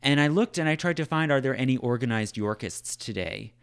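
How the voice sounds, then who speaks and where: This man's mid-range voice is creaky yet clear and resonant, with lively intonation and a fairly quick pace. He discusses history casually, his loose talk peppered with "like" and "right?".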